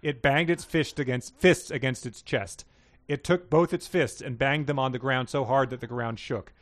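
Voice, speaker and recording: A man at an ordinary middle pitch co-hosts a podcast. He reads passages aloud in a casual, unpolished way, with small stumbles and chuckles. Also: fairly even intonation, moderate pace. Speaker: podcast co-host reading listener submissions.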